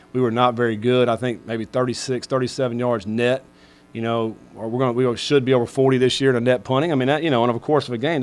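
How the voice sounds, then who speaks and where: A middle-aged man, a head football coach, answering questions at a press conference in a rambling way full of fillers. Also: medium pitch.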